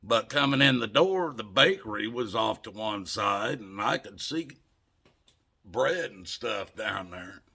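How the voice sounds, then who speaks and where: Older male vlogger, folksy rambling storyteller, low gravelly voice. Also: expressive, a little slow, pushed and bright. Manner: folksy, rambling, chuckles while telling. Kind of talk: casual storytelling.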